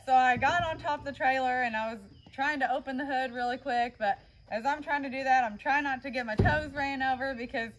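Female co-host, high and a little hoarse, quick interjections. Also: noisy background. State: slightly hoarse. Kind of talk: casual vlog chat.

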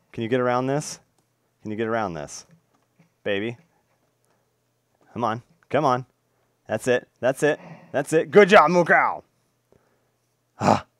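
A young man casually commentating his own game play, excitable and swearing, cooing baby talk at the animals. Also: medium pitch, dry recording. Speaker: gaming video host.

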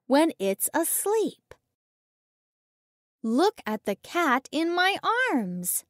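A woman reading a children's picture book aloud, slow and bright, with playful animal sounds. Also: sits high, sing-song, dry recording, clean studio sound. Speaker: story reader.

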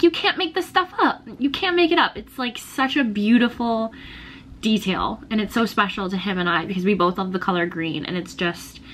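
A woman's voice: mid-range voice, fairly bright tone, slight background noise. A young woman telling a personal story in a casual, gushing vlog, often laughing and emotional. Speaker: vlogger.

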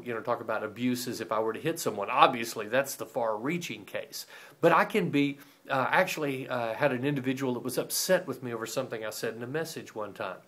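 A middle-aged male pastor delivers a devotional teaching in an ordinary mid-range voice. He tells stories with energy and slips into the voices of the people in them. The delivery is that of an animated preacher speaking straight to his listeners. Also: medium pitch. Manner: animated storytelling, acting out quoted voices.

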